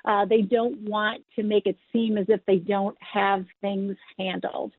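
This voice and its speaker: A woman's voice: mid-range voice, flat delivery, a little slow, husky, dry recording. A woman speaking as an interview guest on a task force, earnest and thinking aloud with fillers. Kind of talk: interview answers. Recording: dry tinny phone line.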